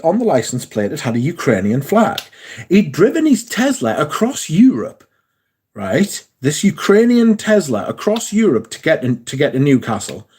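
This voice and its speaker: A man's voice: a little high, a little mellow, breathy edge. A man chatting casually on a livestream, rambling through stories and reading out viewers' comments. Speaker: livestream host.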